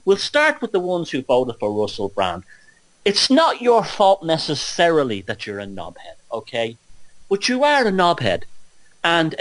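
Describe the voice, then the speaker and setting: A man's voice: fairly high pitch, fairly bright tone, no room sound. A man, drowsy from antihistamine, hosting a blunt, mocking rant full of restarts. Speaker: host. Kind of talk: ranting monologue.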